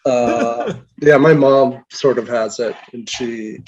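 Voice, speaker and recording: A man from Maine in an easygoing podcast chat, rambling through a story at a relaxed pace. His voice sits in an ordinary middle register. The recording is dull and lo-fi. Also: mid-range voice, takes it slowly, breathy edge. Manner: laid-back, rambling storytelling. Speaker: podcast guest. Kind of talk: casual chat.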